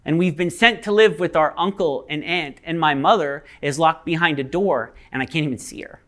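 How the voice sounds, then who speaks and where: A man's voice: fairly high pitch, moderate pace, fairly bright tone, lightly acted. Man doing a miserable young boy, close to tears.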